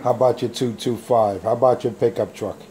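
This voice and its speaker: A man trash-talking rivals over a handheld radio mic, boasting and taunting in a slow drawl. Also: mid-range voice, steady tone, heavy background noise. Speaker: CB radio operator. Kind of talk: on-air radio banter.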